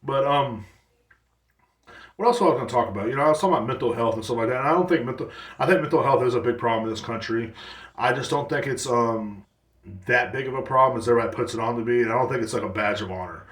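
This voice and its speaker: A man's voice: medium pitch, fast, fairly bright tone, roomy sound, recorded from a distance. A man in his thirties hosting a casual solo podcast, rambling and blunt, with lots of swearing. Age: 30s. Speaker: podcast host.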